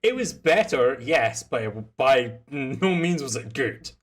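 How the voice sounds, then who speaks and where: A man's voice: medium pitch, expressive, slow. A young Scottish man from Scotland, chatting casually as game master and stream host, rambling with lots of fillers and restarts. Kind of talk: casual chat after a tabletop game stream.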